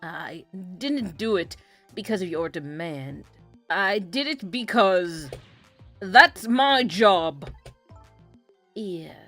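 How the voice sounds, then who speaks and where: A woman's voice: on the low side, animated, drawn-out words, long pauses, bright, forceful tone, faint music behind, voice pushed down, full character voice. A woman voicing a frightened male government minister who stammers and grows flustered while reading game dialogue aloud. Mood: anxious. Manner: flustered and stammering, rising into panic.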